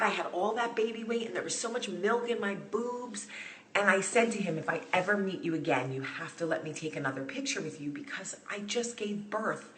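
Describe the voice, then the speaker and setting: A woman in her thirties talking to viewers in a friend's apartment over a phone live stream, telling a story in an excitable, gushing way. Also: on the low side, a little hiss or hum. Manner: excitable, gushing, speeds up and gets loud as story builds. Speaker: vlog host. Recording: echoey room.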